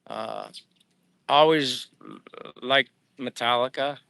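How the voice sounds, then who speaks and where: Older man from Pennsylvania, a casual rambling streamer outdoors, crisp dry sound. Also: medium pitch, steady tone, slow pace, sharp tone, no room sound. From Pennsylvania, USA. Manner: rambling, friendly, frequent fillers and restarts. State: sweating in the heat. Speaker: livestream vlogger reading chat. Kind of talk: casual live chat while walking. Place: outdoors under trees in the heat.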